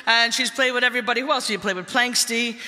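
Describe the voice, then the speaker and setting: A man from the Bronx introducing musicians on stage, joking loudly with stumbles, in a live concert hall. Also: extremely high pitch, steady tone, fast talker. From the Bronx, New York. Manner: joking, loud emcee patter with stumbles. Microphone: stage microphone. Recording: live hall with crowd and long reverb.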